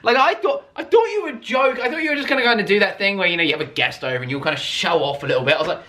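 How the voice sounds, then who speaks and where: A young man, a car YouTuber, retelling a wild night in an excitable storytime vlog, swearing freely and laughing as he goes. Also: a little high, fast talker.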